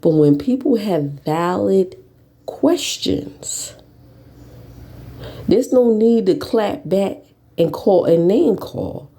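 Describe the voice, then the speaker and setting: A woman ranting bluntly and profanely as a YouTube commentator at home, dropping to low mutters and jumping to sharp high bursts. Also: animated, takes it slowly, long pauses.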